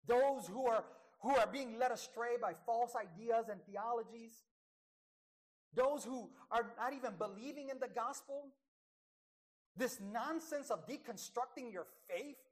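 Her fairly high voice carries an emphatic, unhurried sermon. This woman preacher moves from hushes to loud passages and draws out important words.

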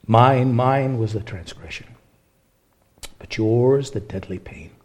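A man preaching a sermon as pastor, impassioned, swinging between hushed, quiet passages and ringing, raised ones. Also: mid-range voice, slow pace.

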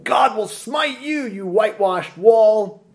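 A man's voice: fairly high pitch, sing-song, slow pace, dark tone, exaggerated voice. A man voicing a fiery male apostle who sternly denounces a foe in a sermon. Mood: denouncing. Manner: stern, accusing.

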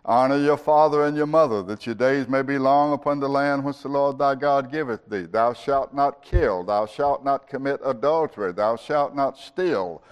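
A man's voice: mid-range voice, moderate pace, few pauses, clear, resonant tone. A man preaching a sermon as a pastor, reciting scripture and speaking God's words in the first person.

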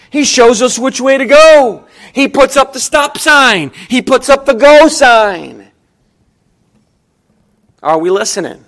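A middle-aged pastor with a notably high-pitched voice delivers a sermon as if talking with his congregation. He stacks repeated phrases and moves between forceful, emphatic climbs and soft, low-key asides. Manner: conversational preaching with repeated phrases.

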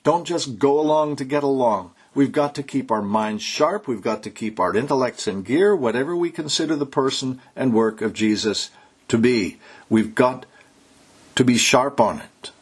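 A man preaching a sermon, exhorting his listeners and slowing down to stress key words. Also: mid-range voice, breathy edge. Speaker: pastor.

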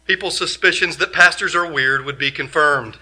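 A male pastor preaching a sermon, emphatic, asking many rhetorical questions and swinging from loud to quiet. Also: on the high side, normal speed.

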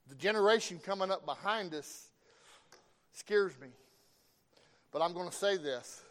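A man's voice: sits high, unhurried, a bit bright. A middle-aged man preaching a sermon, telling folksy stories and calling out for amens.

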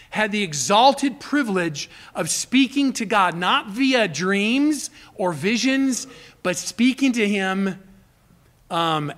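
A man preaches to his congregation, his voice pitched high and ringing bright. He moves through the text with emphatic, dramatic delivery, pausing to act out the words of those he quotes. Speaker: pastor. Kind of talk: expository sermon.

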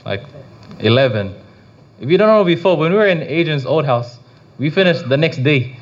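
A man's voice: on the high side, expressive, normal speed. A man giving a casual devotional talk on prayer, rambling with frequent restarts and filler phrases. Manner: rambling, full of restarts and "you know". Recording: slightly dull lo-fi recording.

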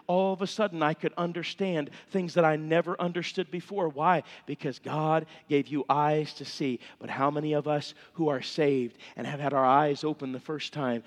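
A middle-aged male pastor, preaching a sermon with fervent, impassioned appeals in a church sanctuary. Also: on the high side. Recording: long reverb of a church hall.

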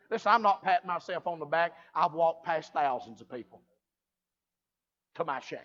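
A man's voice: fairly high pitch, expressive, moderate pace, pauses often, a bit bright. A man preaching a revival sermon, telling a story and building to fervent preaching. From American South. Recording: muffled lo-fi recording.

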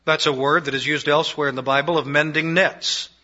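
Bright-voiced emphatic male preacher. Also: fairly even intonation, brisk. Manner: emphatic, swinging between raised declarations and hushed low phrases. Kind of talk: sermon. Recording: dull lo-fi recording.

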